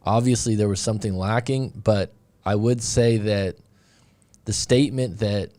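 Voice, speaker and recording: This man's voice sits fairly low and sounds steady, warm, and unhurried. He's a dating coach running a laid-back live stream, going through viewer comments with plenty of rambling, restarts, and side remarks.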